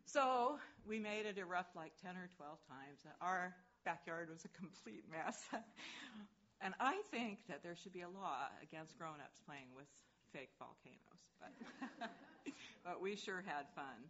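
A woman's voice: lowish voice, animated, unhurried, fairly bright tone. An older woman telling an audience a chatty, affectionate personal story, laughing now and then. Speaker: speaker sharing a personal story. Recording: dull, muffled recording with faint noise.

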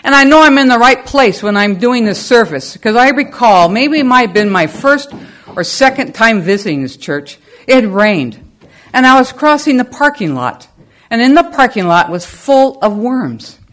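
A middle-aged woman giving a lively, storytelling spiritual talk to a congregation. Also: normal speed. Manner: lively storyteller with animated pitch. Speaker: service leader.

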